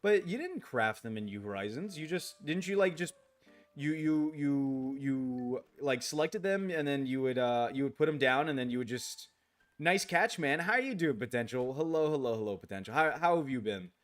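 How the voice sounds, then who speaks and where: A man's voice: mid-range voice, lively intonation, normal speed, faint music behind. A man streaming a game late at night in casual chat, rambling, restarting his sentences, grumbling at the game and answering viewer comments aloud.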